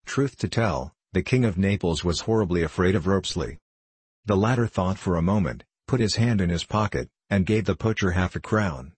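A man narrating a classic novel in a measured literary reading. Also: low-pitched, animated, breathy edge, no room sound. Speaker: audiobook narrator. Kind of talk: scripted narration.

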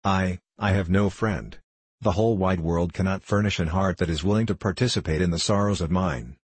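A man's voice: low voice, animated, normal speed, slightly rough. A man reading the part of an anguished young novice monk, in an impassioned, faltering, pleading voice.

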